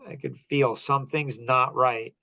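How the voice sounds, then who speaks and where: A man's voice: mid-range voice, fairly even intonation, measured pace, creaky, sharp tone, no echo. A middle-aged man hosting a podcast, telling a personal story in an earnest, heartfelt way, often restarting his sentences. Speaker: podcast host.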